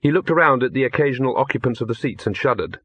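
Husky male audiobook narrator. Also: medium pitch, expressive, quick pace, fairly bright tone, no room sound. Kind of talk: scripted narration. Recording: dull lo-fi recording.

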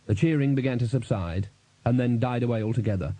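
A man reading a novel aloud as an audiobook narrator, in a steady storytelling manner. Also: mid-range voice, fast, breathy edge, no echo. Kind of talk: scripted narration.

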